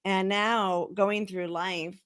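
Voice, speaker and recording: A woman's voice: medium pitch, steady tone, slow, fairly bright tone. A woman hosting a casual talk show, speaking reflectively and laughing often, over a video call. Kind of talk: casual chat.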